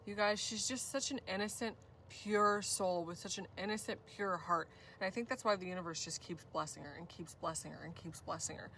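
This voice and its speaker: A woman's voice: on the low side, a little fast, hardly any pauses, fairly bright tone, distant mic, slight background noise. A woman giving a spiritual tarot reading, gushing and effusive, often addressing viewers as "you guys". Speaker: tarot reader.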